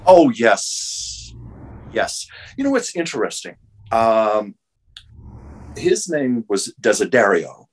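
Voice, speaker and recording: A man's voice: fairly low pitch, big pitch swings, slow, long pauses, slightly rough, rough recording. A man, an artist and medium, telling an emotional story earnestly as an interview guest over a video call.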